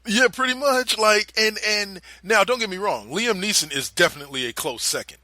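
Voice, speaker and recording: A young man co-hosting a podcast, retelling a TV scene in casual, animated chat and swearing freely. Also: high voice, normal speed, no room sound. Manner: animated storyteller, swears freely, drops into quoted voices. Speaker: podcast co-host.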